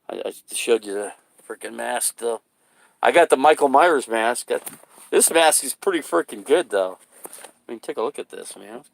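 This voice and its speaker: A man's voice: fairly low pitch, vocal fry. A man chatting casually for his vlog, rambling loosely, swearing and laughing at his own jokes. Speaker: vlogger.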